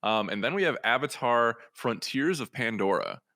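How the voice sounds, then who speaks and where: Bright-voiced male podcast host. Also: medium pitch, animated, normal speed, no room sound, clean studio sound. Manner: joking, reads through a game list. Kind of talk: casual podcast chat.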